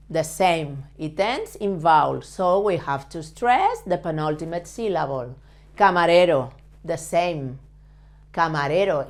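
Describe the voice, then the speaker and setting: Woman teaching a lesson, slow and careful, kinda low voice, says every word twice. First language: Spanish. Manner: models Spanish words slowly and repeats them. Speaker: Spanish teacher. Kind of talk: slow step-by-step language lesson.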